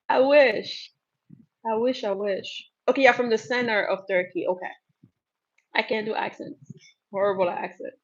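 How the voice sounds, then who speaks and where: A woman's voice: mid-range voice, fairly even intonation, normal speed, long pauses, lo-fi sound. Chatty woman hosting a livestream Q&A. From Cameroon. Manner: chatty, laughs often, reads out viewer comments. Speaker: livestream host. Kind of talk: casual live Q&A chat.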